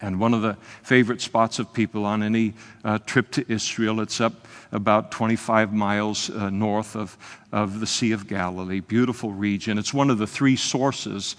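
A man preaching an evening sermon in an earnest, conversational way, often pausing with hesitations. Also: lowish voice, a bit bright, in a large hall. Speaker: pastor. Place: church service, evening.

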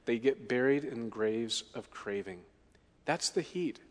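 A man's voice: medium pitch, a little slow, in a large hall. A male pastor preaching a sermon in a conversational style, often tagging his points with "right?" and acting out the quoted lines with dramatic swings.

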